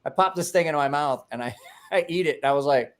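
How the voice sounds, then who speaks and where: A man hosting a casual after-show chat, telling rambling stories with bursts of laughter and loud acted-out quotes. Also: on the high side, fast talker. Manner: rambling, laughing storyteller who acts out quotes loudly. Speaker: podcast host.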